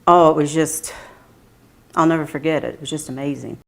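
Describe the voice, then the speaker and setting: A woman's voice: sits low, fairly even intonation, a little fast, vocal fry. A woman in an interview clip, fondly and wistfully remembering a family member. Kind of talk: interview recollection.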